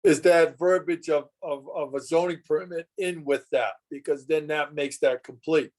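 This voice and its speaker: A man with a slightly high voice earnestly lays out how permit rules should work for property owners. He talks plainly, as at a town committee meeting. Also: fairly even intonation, normal speed, darkish tone. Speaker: committee member. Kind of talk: municipal committee meeting discussion.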